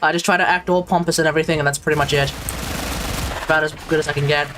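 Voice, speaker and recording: A man's voice: on the high side, fairly even intonation, rapid-fire, bright, forceful tone, faint music behind. An Australian man streaming a game, chatting casually with viewers, rambling and restarting his sentences. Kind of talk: casual live-stream chat.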